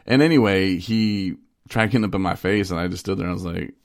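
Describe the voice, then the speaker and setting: A man's voice: sits low, expressive, fairly quick, vocal fry, no echo. A young man co-hosting a podcast in casual chat, telling candid stories in a rambling way with frequent restarts, speaking into a studio microphone. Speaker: podcast co-host.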